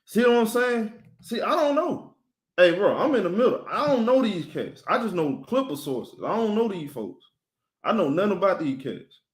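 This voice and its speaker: A man talks loosely and energetically, as if running his own live sports stream. His voice sits a little high for a man. He keeps turning to address his viewers directly. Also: normal speed. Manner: animated, talks straight to chat viewers, shouting them out.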